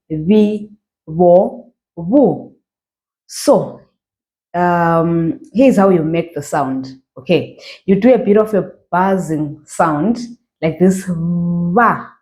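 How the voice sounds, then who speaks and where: She's a language teacher from Zimbabwe whose voice sits on the low side and sounds warm. Guiding a beginner reading class through a slow pronunciation lesson, she lingers patiently on each model word and keeps asking "okay" and "all right."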